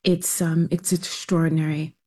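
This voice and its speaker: A woman speaking reflectively as an interview guest, with soft restarts. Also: sits low, level tone, normal speed.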